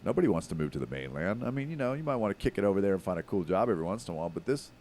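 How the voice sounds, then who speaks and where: A man's voice: low voice, very animated, rapid-fire, a little mellow, a little hiss or hum. A middle-aged man from Hawaii, a podcast guest who talks in an emphatic, profane, casual way.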